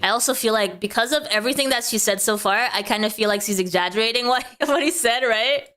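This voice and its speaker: Bright, high-voiced woman streamer. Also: quick pace, soft background music. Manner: teasing, sarcastic asides. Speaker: streamer host. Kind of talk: reaction commentary.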